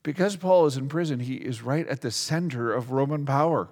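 Energetic preaching man in reverberant hall. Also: medium pitch, brisk. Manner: energetic, conversational preaching with rhetorical questions. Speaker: pastor. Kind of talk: sermon. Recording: long reverb of a large hall.

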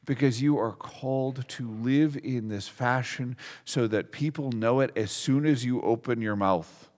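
A man preaching a sermon as a pastor, talking in a lively, conversational way and asking the congregation questions. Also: medium pitch, unhurried. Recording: long reverb of a large hall.

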